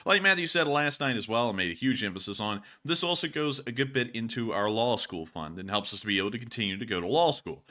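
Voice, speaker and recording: A man's voice: medium pitch, lively intonation, quick pace, hardly any pauses, pushed and bright. A young man hosting a livestream and repeatedly thanking donors. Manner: effusively grateful, repetitive thanks. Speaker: channel host. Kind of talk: livestream donation reading.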